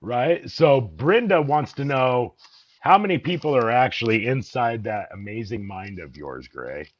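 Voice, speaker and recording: A man's voice: mid-range voice, lively intonation, measured pace, highs cut off. A man hosting a live interview, reading audience questions and giving short reactions. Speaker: host.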